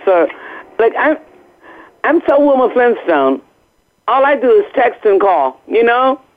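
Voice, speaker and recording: An older woman, a guest singer, chats candidly over the phone from outdoors, laughing often as planes pass overhead. Her voice is fairly high and very animated, at a measured pace, and the phone line sounds tinny.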